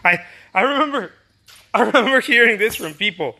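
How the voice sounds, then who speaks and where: High-voiced man giving emphatic advice. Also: expressive, moderate pace, bright, forceful tone, no room sound. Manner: emphatic, repeats phrases, calls listener dude. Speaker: painter giving career advice. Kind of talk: casual livestream talk.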